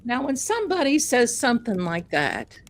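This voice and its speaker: A woman's voice: a little high, huge pitch swings, normal speed. A woman hosting a live stream who tells a chatty, folksy, self-mocking story. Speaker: livestream host.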